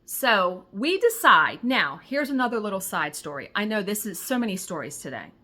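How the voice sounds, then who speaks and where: Bright, animated woman telling a story. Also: medium pitch, normal speed. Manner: animated, retells conversations, swears when excited. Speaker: crafting vlogger. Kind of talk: casual storytelling to viewers.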